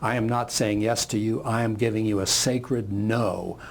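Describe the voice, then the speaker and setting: A man's voice: fairly low pitch, steady tone, moderate pace, gravelly, a little hiss or hum. A man voicing a defiant male lion that refuses to obey and wants freedom. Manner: defiant, firm.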